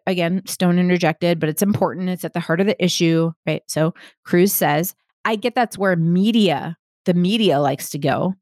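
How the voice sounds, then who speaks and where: A Texan woman who works as a podcast host and coach reads quotes aloud on her solo podcast, then breaks them down point by point and step by step. She often checks in with "right?" and "okay?". Her medium-pitched, darkish voice comes through a dry, studio-quality recording.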